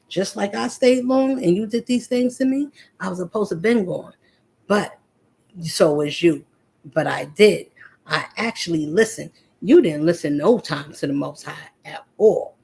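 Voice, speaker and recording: A woman's voice: fairly low pitch, darkish tone, slightly rough, poor audio. A woman, delivering an impassioned, confrontational spiritual monologue to an unseen listener. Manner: confrontational, preachy, addressing an unnamed listener directly. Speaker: spiritual vlogger.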